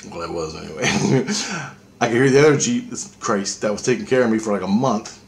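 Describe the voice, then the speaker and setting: A man's voice: lowish voice, lively intonation, a little fast, vocal fry. A man vlogging a rambling, intense spiritual monologue, swearing freely.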